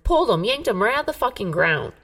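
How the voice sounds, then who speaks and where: A woman's voice: on the high side, big pitch swings, quick pace, a bit bright, recorded from a distance. Profane woman telling a heated story. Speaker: podcast co-host. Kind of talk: casual chat, storytelling.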